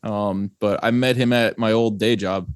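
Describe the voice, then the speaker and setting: A man's voice: lowish voice, steady tone, measured pace, clean tone, no echo, clean studio sound. A young man from New Jersey, a guest, chatting casually on a podcast in a laid-back, rambling way and swearing freely. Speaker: guest, band singer.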